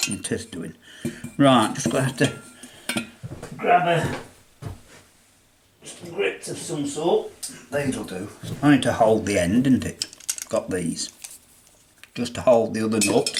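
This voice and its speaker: An older English man talks through a workshop demonstration at an unhurried, slow pace, his voice sitting at an ordinary middle pitch. He chats as he works, talking himself through each step, with faint clinks of metal tools in the background. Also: noisy background. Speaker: hobbyist restorer. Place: home workshop.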